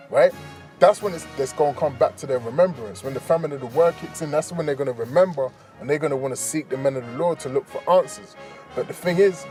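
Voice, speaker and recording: A man's voice: fairly high pitch, dark tone. A man preaching in a casual, street-style way, tagging "man, right?" onto nearly every phrase. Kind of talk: preaching commentary over a news clip.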